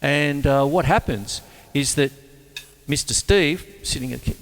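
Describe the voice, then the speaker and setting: A man teaching drums in a casual, jokey way, talking between demonstrations and breaking into sudden high exclamations. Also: animated, normal speed, slight background noise. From Australia. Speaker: drum teacher and show host. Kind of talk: casual drum lesson with demonstrations. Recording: reverberant room with loud drumming behind.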